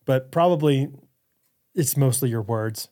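A man's voice: mid-range voice, a little slow, mellow. A man in his thirties co-hosting a casual comedy podcast, joking around and reading listener reviews. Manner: jokey, reads listener reviews with mock-Trump delivery. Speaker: podcast co-host.

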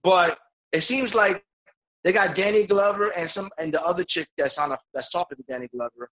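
A man as a podcast guest in casual chat, talking excitably with lots of swearing and stammered restarts. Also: high-pitched, brisk, poor audio.

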